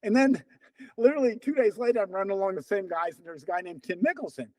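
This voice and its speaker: Animated older man telling stories. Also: high voice, fast, no echo. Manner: animated storyteller, acts out quoted dialogue. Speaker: interview guest, runner and coach. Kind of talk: casual storytelling.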